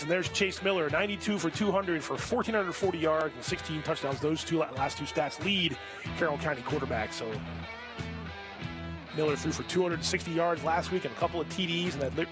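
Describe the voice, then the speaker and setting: Calling a high school football game live, this play-by-play man gets sharply louder and higher-pitched whenever a big play happens. Behind him you can hear the crowd and music.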